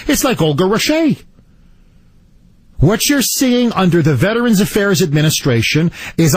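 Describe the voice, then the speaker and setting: A male talk radio host launches into an indignant, emphatic monologue in a high, lively, husky voice. The sound is close and dry.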